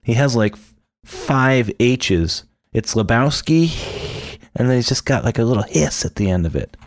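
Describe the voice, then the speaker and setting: A man's voice: medium pitch, expressive, normal speed, dry recording, clean studio sound. A man co-hosting a podcast, chatting casually about a film and acting out lines in playful voices. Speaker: podcast co-host. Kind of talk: casual film commentary chat.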